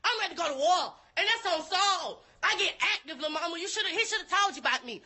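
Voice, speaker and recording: A woman voicing a brash, boastful heroine as a mocking parody, talking rapidly. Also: very high-pitched, lively intonation, sharp tone, voice pushed up, heavily acted. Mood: hyped. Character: cocky hyped-up woman, mocking book heroine.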